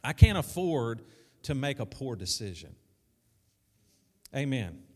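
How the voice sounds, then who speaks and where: A man's voice: medium pitch, very animated, slow. Man, pastor, conversational sermon, repeats lines, long church reverb. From South Arkansas. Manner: conversational preaching with repetition and call-outs. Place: church sanctuary. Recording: echoey church hall.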